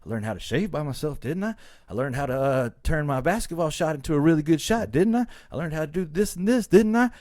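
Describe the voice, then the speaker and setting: A man voicing a hurt, defiant young man whose voice climbs higher and louder as he vents. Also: expressive, fast talker, few pauses, no echo, clean studio sound, close to an everyday voice.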